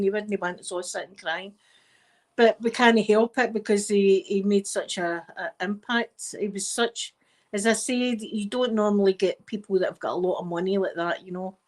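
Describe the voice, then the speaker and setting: A middle-aged Scottish woman in soft-spoken casual chat, rambling warmly as an ASMR host. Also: mid-range voice. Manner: chatty and rambling, with frequent wee and laughter.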